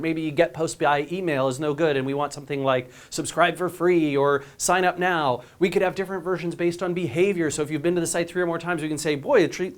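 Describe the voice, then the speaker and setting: Energetic man giving a conference talk. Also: fairly high pitch. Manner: energetic, keeps asking "right?" to the audience; many quick restarts and repeated words. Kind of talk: conference presentation.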